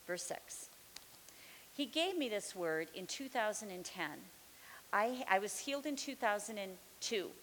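A woman's voice: medium pitch, lively intonation, measured pace. Fervent woman preaching in a reverberant hall. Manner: fervent, building to loud declarations. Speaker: Bible teacher. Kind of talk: testimony during a sermon. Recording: long reverb with faint hiss.

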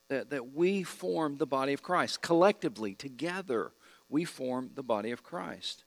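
A middle-aged man leads a church Bible class. He quizzes the group and says each key point twice. His voice sits at an ordinary pitch, and the sound is dry and close, with little room echo. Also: animated, normal speed, creaky. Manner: asks the class questions and repeats key points. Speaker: Bible study teacher. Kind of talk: teaching an evening church class.

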